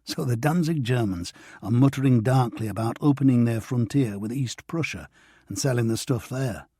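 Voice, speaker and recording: A man's voice: medium pitch, normal speed, mellow, husky, no echo, natural voice. A male narrator voicing a wry male foreign correspondent who tells things in a dry, matter-of-fact way.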